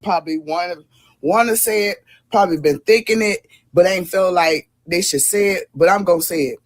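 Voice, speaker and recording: A man's voice: high-pitched, fairly quick. A man hosting casual commentary, blunt and slangy as he reacts to a clip. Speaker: commentary host.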